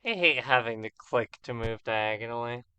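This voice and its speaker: A man's voice: mid-range voice, moderate pace, background noise. A man hosting a let's play of an old role-playing game, chatting casually with rambling asides. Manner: chatty, rambling, self-correcting.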